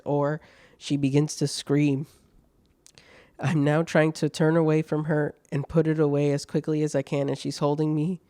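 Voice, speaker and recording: A man with a mellow, fairly high voice reads online stories aloud on his podcast, breaking off to laugh and toss out crude, mocking asides. The recording is dry and close. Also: dry recording. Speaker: podcast host.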